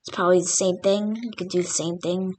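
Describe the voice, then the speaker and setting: A woman's voice: lowish voice, fairly even intonation, quick pace, darkish tone, no room sound. A woman casually narrating over a map, rambling with many fillers. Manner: rambling, full of fillers like "literally" and "like". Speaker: map video creator.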